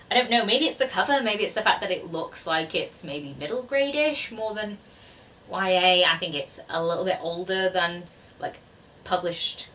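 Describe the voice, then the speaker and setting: A chatty woman talks through her bookshelf in a rambling, self-deprecating way. Her voice is a bit low for a woman but bright and forceful, caught by a camera mic set a little way off. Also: distant mic. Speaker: BookTuber. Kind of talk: casual book chat to camera.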